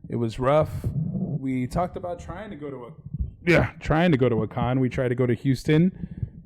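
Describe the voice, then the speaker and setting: A man's voice: medium pitch, moderate pace, darkish tone. A man co-hosting a podcast in casual, rambling live-stream chat. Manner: laid-back, rambling, swears casually. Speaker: podcast co-host.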